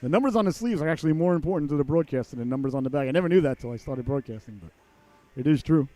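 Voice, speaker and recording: A man calling a youth hockey game play by play, folksy and joking, who breaks into shouts on big plays. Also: a little high, animated, very fast, no echo. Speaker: play-by-play commentator.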